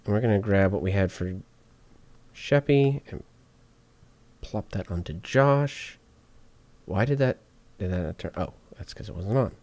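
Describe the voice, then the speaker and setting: A man walking through podcast audio editing out loud, chatty and joking to himself as he works. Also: on the low side, expressive, unhurried, long pauses, dry recording. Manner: chatty, jokey asides while working. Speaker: podcast editor streaming his editing session. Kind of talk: casual on-screen tutorial talk.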